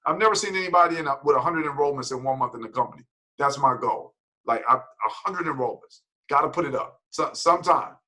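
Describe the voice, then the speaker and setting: A man leading a motivational team call, energetic and preachy, repeating himself for emphasis. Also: a little high, fast talker, rough recording. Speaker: team leader.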